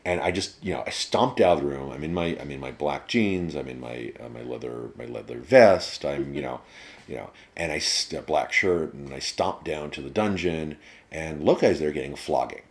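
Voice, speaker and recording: A man with an extremely low, rumbling voice talks through a casual interview. He tells rambling stories, swears freely, and stumbles through plenty of restarts. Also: normal speed. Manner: rambling, profane storyteller. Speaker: interview guest. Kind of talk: casual conversation.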